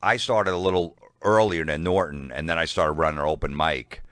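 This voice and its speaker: Deep-voiced man telling a comedy story. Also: a little fast, no room sound, studio quality. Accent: New York. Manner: animated anecdote-telling, acts out quoted voices. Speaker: comedian guest. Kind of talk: casual storytelling chat.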